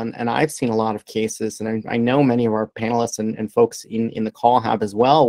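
A man speaking as a panelist, talking briskly and citing survey figures. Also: medium pitch, a little mellow, no room sound. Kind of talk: online panel discussion.

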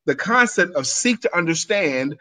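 Male co-host, fairly high voice, casual storytelling, conversational. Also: animated, moderate pace, pushed and bright. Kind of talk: podcast talk.

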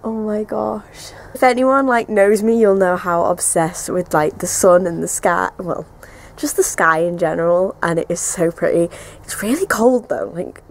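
A woman's voice: medium pitch, vocal fry. A young woman vlogging her day at home, rambling in a casual, chatty way with lots of fillers. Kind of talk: casual daily vlog. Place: home, indoors and garden.

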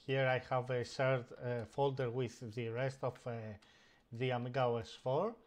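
A man hosting a live stream, casually talking viewers through a software update and greeting chat as he works, with frequent pauses and fillers. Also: mid-range voice, fairly even intonation. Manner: hesitant, many fillers and restarts while operating the computer.

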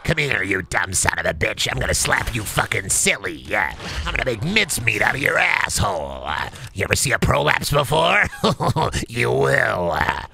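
A man putting on a gravelly gloating insect villain. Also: medium pitch, very animated, moderate pace, few pauses, sharp tone, a little hiss or hum, heavily acted. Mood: menacing. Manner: gloating, crude trash-talk. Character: menacing boastful insect-like male villain god. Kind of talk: game stream voice bit.

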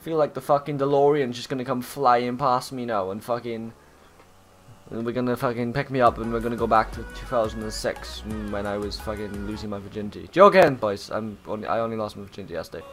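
A young Welsh man giving loud, joking, swear-heavy commentary over his own game footage. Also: medium pitch, quick pace, soft background music. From Wales. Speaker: gaming YouTuber. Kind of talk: casual gameplay commentary.

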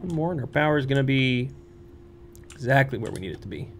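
A man's voice: mid-range voice, lively intonation, fast talker, slight background noise. A young man playing a horror game on his channel, muttering nervously to himself and breaking into squeals and laughs. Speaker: let's play streamer. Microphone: studio microphone.

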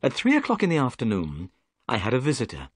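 A man reading a graded story aloud for English learners in clear, measured narration. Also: mid-range voice, wildly swooping pitch, no room sound. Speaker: story reader.

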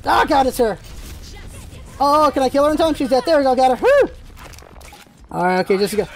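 A gaming channel host giving live gameplay commentary, excitable and firing off rapid callouts to teammates. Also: sits high, soft background music.

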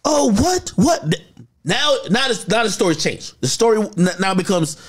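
A man with a high voice tells a story in a loose, casual way. He is animated and slang-heavy, and he acts out the lines of the people in it. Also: fairly quick, husky.

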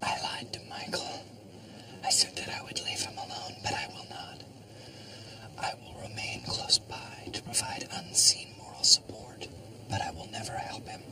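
An actor playing an intense, humorless office zealot who speaks in a stern, matter-of-fact way. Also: male voice, low voice, normal speed, bright, forceful tone, slight background noise. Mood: solemn.

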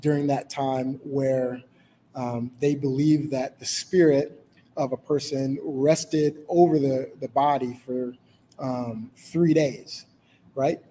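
A man's voice: mid-range voice, steady tone, slow, mellow, slight background noise, poor audio. A man leading a Bible study in a casual, informal way, reading scripture aloud and rephrasing it with many fillers.

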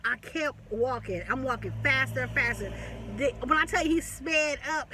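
A woman telling a long personal story in a casual, animated way, repeating phrases, swearing and laughing. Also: high voice, a little fast, distant mic, slight background noise. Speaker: vlogger.

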